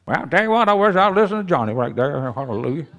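A male pastor delivers a folksy, joking sermon, dropping to soft asides and then climbing into loud preaching. His voice sits high and moves around a great deal. The sound carries a long reverb from the church hall. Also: sing-song, quick pace. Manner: folksy, joking, uses y'all and ain't. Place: church sanctuary.

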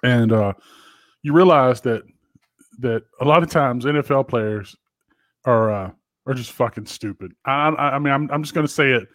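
A man's voice: medium pitch, normal speed, no echo. A man in casual chat, telling stories with lots of cursing and jokes. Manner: profane, joking storyteller.

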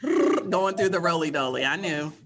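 A woman's voice: on the low side, a little fast, very noisy. A woman in her fifties from Kentucky, the host's mother, telling her own story frankly and candidly in casual conversation, often laughing.

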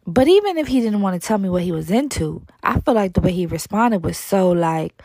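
A woman's voice: medium pitch, fairly quick, vocal fry, few pauses, dry recording, clean studio sound. A woman telling a personal dating story in a casual, profane monologue, acting out both sides of past conversations. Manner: animated, profane, mimics quoted dialogue.

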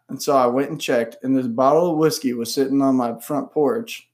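A man co-hosting a casual podcast, telling stories with loud, excited quotes and plenty of swearing. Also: mid-range voice, moderate pace. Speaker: podcast co-host. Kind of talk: casual chat.

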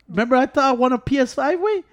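Dude, talks real fast, animated, cussing and switching languages. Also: extremely high pitch, over a noisy crowd. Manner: animated, mixes Spanish into English, heavy swearing. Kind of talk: casual storytelling chat. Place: Chicago.

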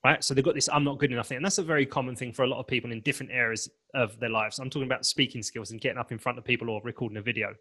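A man's voice: medium pitch, steady tone, rapid-fire, few pauses, bright, forceful tone. A man being interviewed as a confidence coach, talking emphatically and acting out snippets of inner dialogue. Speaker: guest, confidence and presentation coach. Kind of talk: animated podcast interview.

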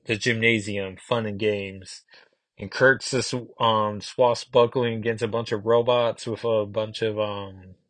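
A man's voice: on the low side, dry recording. A man in his thirties chatting casually in a rambling way, reviewing comic books, with frequent fillers.

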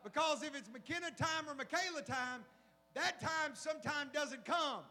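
A middle-aged man and pastor preaching a sermon, animated and full of rhetorical questions. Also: extremely high pitch, normal speed. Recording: long hall reverb.

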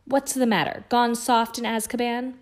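A man's voice: very high voice, level tone, normal speed, pitched above the performer's own voice. Woman voicing a furious thirteen-year-old boy. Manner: angry, spitting taunts, shouting.

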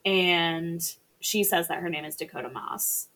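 Sarcastic woman recapping a movie, lowish voice. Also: steady tone, measured pace, pushed and bright. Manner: chatty, sarcastic, swears freely. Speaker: podcast co-host or guest. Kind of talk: casual movie recap chat.

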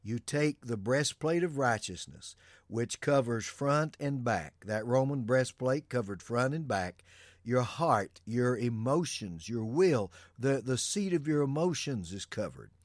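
Male pastor, earnest sermon delivery, mid-pitched, dry close sound. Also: animated, unhurried, no echo. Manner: earnest preaching with Bible quotations.

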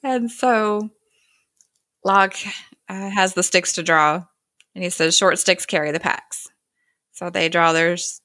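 A woman's voice: fairly low pitch, steady tone, takes it slowly, pauses often, sharp tone. A woman retelling a TV episode in casual chat, quoting the characters with "he's like" and laughing along. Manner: retells scenes with "he's like" quotes and giggles.

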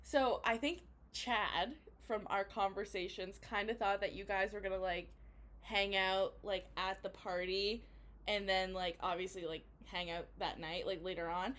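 A woman's voice: medium pitch, fairly even intonation, unhurried, fairly bright tone. A young adult woman co-hosting a podcast, telling a story in chatty casual talk, full of slang and "like". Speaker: podcast co-host.

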